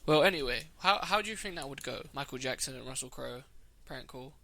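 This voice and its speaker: A man's voice: medium pitch, expressive, fairly quick, gravelly, sharp tone, dry recording. A young man co-hosting a podcast in casual chat, crude and joking, often giggling. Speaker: podcast co-host.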